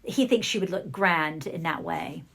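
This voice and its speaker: A woman's voice: on the low side, expressive, normal speed, gravelly, fairly bright tone. Hesitant woman giving a psychic reading. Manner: hesitant, relaying what she hears in bursts. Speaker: psychic reader.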